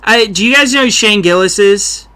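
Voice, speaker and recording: A man's voice: high voice, normal speed, pushed and bright. A young man hosting a casual podcast chat, loose and joking, who keeps slipping into celebrity impressions. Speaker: podcast host.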